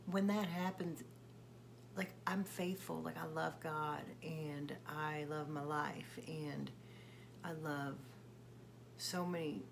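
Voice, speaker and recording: Slow, low-voiced hesitant woman. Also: gravelly, noisy background. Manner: hesitant, halting, many fillers. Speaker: singer-songwriter. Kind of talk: personal video confession.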